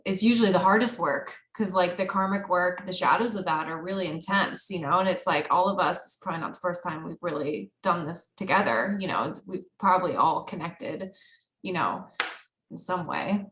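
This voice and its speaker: A woman's voice: fairly low pitch, moderate pace, a bit bright, roomy sound, a little hiss or hum, poor audio. A woman chatting casually on a group call, rambling with many fillers and laughing easily. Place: online group video call.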